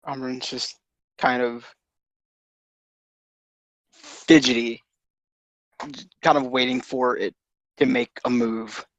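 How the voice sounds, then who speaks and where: Gravelly player narrating their character, hesitant, dry close mic. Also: medium pitch, fairly even intonation, slow, long pauses, no echo, low-quality recording. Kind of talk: narrating a character's actions in a tabletop game.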